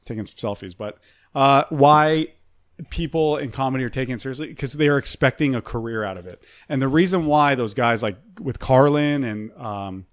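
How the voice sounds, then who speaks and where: A man's voice: medium pitch, moderate pace, no echo, clean studio sound. A man, a comedian, talking through his views in loose podcast banter, swearing freely and often restarting his sentences.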